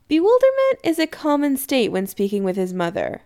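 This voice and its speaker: A woman reading story narration aloud in an expressive, lively way. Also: high voice, moderate pace, hardly any pauses. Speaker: reader.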